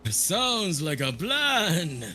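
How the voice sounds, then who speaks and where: Guy doing a smooth teasing vampire, bright voice, real slow. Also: sits high, big pitch swings, faint music behind, exaggerated voice. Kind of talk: reading game dialogue aloud on a stream.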